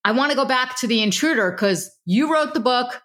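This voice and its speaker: A woman's voice: on the high side, lively intonation, brisk, a bit bright. A woman hosting an interview, casual and self-deprecating as she asks questions. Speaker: host. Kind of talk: interview conversation.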